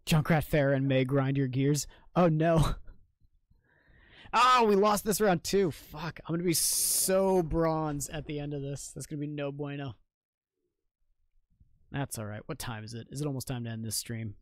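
Young male streamer, jokey and profane, mid-pitched, dry close sound. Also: normal speed, a little mellow, dry recording. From Maine, United States. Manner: joking, swears freely, reacts to chat. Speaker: game streamer. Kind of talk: casual live-stream chat while gaming.

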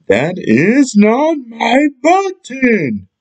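A man puts on a fussy little storybook toad who keeps getting upset. His voice jumps up high and swoops about as he whines and complains, drawn out very slowly. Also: wildly swooping pitch, a little mellow, breathy edge, exaggerated voice. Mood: wailing. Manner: high, whining outbursts.

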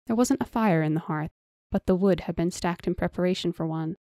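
A woman reading a fantasy audiobook as narrator in an even, measured storytelling manner. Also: lowish voice, no room sound, studio quality.

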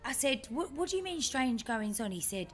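A woman co-hosting a podcast, telling a story in a lively way and acting out other people's lines. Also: sits high, normal speed. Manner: animated storyteller, acts out her dad's lines. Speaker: podcast co-host. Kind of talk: casual chat, storytelling.

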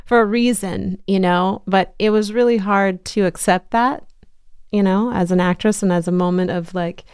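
A woman's voice: medium pitch, fairly even intonation, moderate pace, a little mellow, clear, resonant tone, no echo, clean studio sound. A woman hosting a casual podcast interview, bubbly and gushing, laughing often. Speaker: podcast host.

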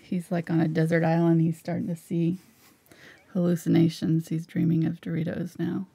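Relaxed woman in her forties talks softly and chattily as she paints. Her voice is husky and very mellow, with a gravelly fry and a lowish pitch. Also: moderate pace. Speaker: painting instructor. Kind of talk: live painting tutorial chat.

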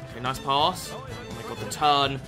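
A man commentating his football video game with excitable, sweary energy, calling viewers lads. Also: mid-range voice, moderate pace, over music. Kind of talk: gameplay commentary.

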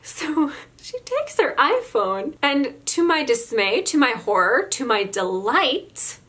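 YouTuber woman, twenties, bright pitch, giggly storyteller, filler-heavy. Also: slow. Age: 20s. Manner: animated, laughs often mid-story; lots of "like" fillers, chatty. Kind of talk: casual storytelling vlog.

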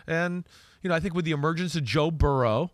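Animated New Jersey man talking football. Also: a little high, fairly quick, no echo. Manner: animated, repeats words when starting a thought. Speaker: podcast co-host, football analyst. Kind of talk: casual sports talk.

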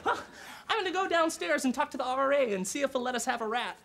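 A woman acts out a dorky young college guy who gushes and rambles with bouncy, swooping high pitch. His voice sits well above a typical man's, and the TV sketch recording is full of loud noise. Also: animated, quick pace, gravelly. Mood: goofy. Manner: overly chipper, dorky, rambling. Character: goofy eager nerdy young male college freshman. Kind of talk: sketch comedy acting.

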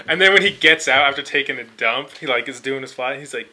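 Man, twenties, podcast co-host, casual rambling chat, very bright sharp tone, lots of "like". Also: lively intonation, moderate pace. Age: 20s. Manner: rambling, heavy use of "like", mumbles low.

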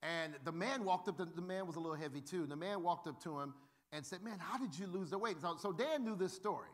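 Quick-paced and fairly high-voiced, a man preaches a sermon full of storytelling. He's animated and funny, performing the voices of the characters in his humorous tales.

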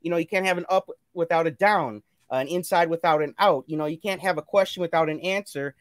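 Guy with a fairly high voice, earnest and kinda preachy, repeating himself, dry close sound. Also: quick pace, dry recording. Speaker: guest. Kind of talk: motivational casual chat. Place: live stream call.

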